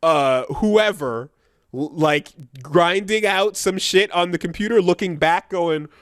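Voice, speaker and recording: A man's voice: high voice, unhurried, dry recording, clean studio sound. A man co-hosting a podcast in casual banter, laid-back and rambling, swearing freely. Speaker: podcast co-host.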